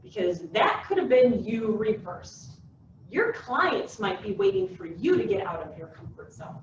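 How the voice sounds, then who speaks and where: A woman's voice: on the high side, unhurried, far from the mic. Bubbly woman running a business workshop, voice jumps all over, dull muffled recording. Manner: animated, acts out little scenes in different voices. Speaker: workshop presenter and success coach. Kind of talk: lively business workshop talk. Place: meeting room with a live audience. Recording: echoey room recorded from afar, dull and a bit noisy.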